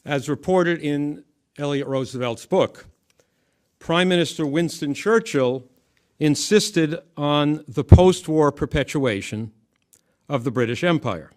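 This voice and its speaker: A man's voice: fairly high pitch, darkish tone. Emphatic male political commentator. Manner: measured, emphatic delivery with frequent restarts.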